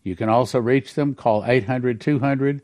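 A man's voice: mid-range voice, moderate pace, darkish tone. A man hosting a talk show, reading prophecies aloud and commenting on them, stressing and repeating key lines. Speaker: host.

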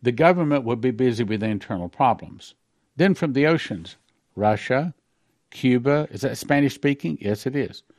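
A man pastor reading out a dream account and commenting on it in a sermon, slowing on key phrases and breaking into quick asides. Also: mid-range voice, expressive, a little mellow, dry recording, studio quality. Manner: reads slowly, then comments in a quick aside.

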